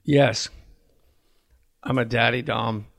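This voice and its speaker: A man's voice: mid-range voice, steady tone, takes it slowly, creaky, fairly bright tone. A comedian from New Jersey, a man, chatting on a podcast in a rambling, crude and frank way. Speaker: comedian guest. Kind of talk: casual podcast chat.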